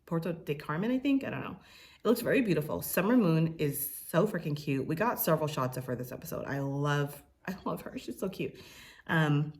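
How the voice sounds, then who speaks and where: Chatty low-voiced woman recapping a show. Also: expressive, fairly quick, darkish tone. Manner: chatty and opinionated, with frequent fillers; mimics cast members' lines in a higher voice. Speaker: recap host. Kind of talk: casual reality TV recap.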